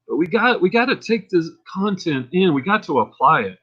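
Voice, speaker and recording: A man's voice: sits high, moderate pace, husky, dull audio. A man with a Texan accent hosting a casual livestream, rambling and getting fired up as he talks. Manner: rambling and excitable, gets fired up. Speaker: livestream host.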